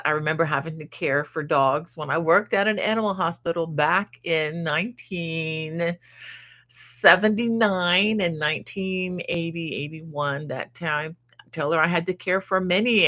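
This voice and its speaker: A woman in her sixties with a low voice runs a casual live stream. She chats loosely and reads viewer comments aloud, with frequent fillers and restarts. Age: 60s. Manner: chatty, warm-hearted, many fillers and restarts. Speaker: crochet channel host.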